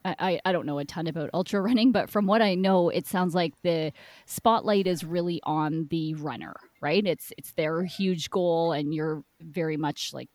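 A woman co-host reflects thoughtfully on her guest's story in a casual interview. Her voice is on the low side. She is recorded close and dry. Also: normal speed, a little mellow, no echo. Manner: reflective, thinks aloud with restarts. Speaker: podcast co-host.

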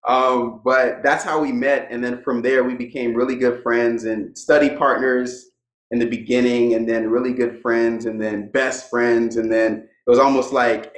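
A young man, a guest in a casual interview, telling his stories in a relaxed way and laughing often. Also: medium pitch, moderate pace, echoey room, rough recording.

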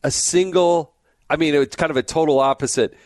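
A man from Arizona hosting an interview, chatting in a friendly way as he asks his questions. His voice is a bit high for a man, recorded dry with no room sound. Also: fairly even intonation, brisk, dry recording. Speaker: host. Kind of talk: casual interview chat.

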